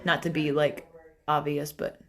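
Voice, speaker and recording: A woman's voice: low voice, little pitch movement, measured pace, slight background noise. A young woman chatting casually through a makeup tutorial on a phone livestream, talking to viewers and family as she works. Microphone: phone camera.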